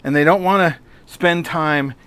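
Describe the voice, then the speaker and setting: A man's voice: fairly high pitch, a little slow, fairly bright tone, clear, resonant tone. A middle-aged man hosting a solo podcast, talking conversationally and telling a story with rhetorical questions. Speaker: podcast host.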